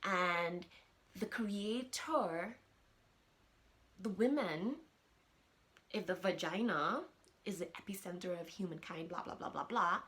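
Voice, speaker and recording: Chatty animated woman podcast host. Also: on the low side, slow, long pauses. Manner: animated, chatty, addresses listeners directly. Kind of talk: casual chat. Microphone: camera with audio.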